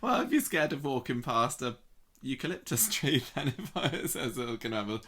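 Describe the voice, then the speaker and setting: A man's voice: medium pitch, animated, moderate pace, sharp tone. A man co-hosting a podcast, chatting playfully and laughing often as he riffs on a soap opera. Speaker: podcast co-host. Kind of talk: casual chat recapping a soap opera.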